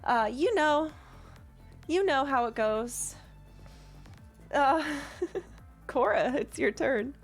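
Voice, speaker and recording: A woman streaming as dungeon master, narrating combat and chatting with viewers in a quick, casual way. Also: sits high, expressive, faint music behind. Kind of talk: narrating a tabletop game on stream.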